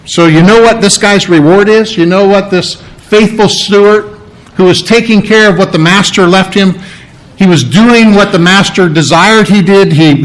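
A middle-aged male preacher with a slightly high voice teaches a Bible passage in plain, homespun words. He stumbles and repeats himself often, pausing to clear his throat before going on. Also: low-quality recording. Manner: plain-spoken, folksy. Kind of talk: sermon teaching.

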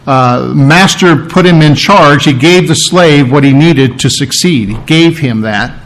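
Halting, folksy male preacher. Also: a little high, animated, a bit bright, poor audio. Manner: halting, repeats words, clears his throat often; plain-spoken, folksy. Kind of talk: sermon teaching.

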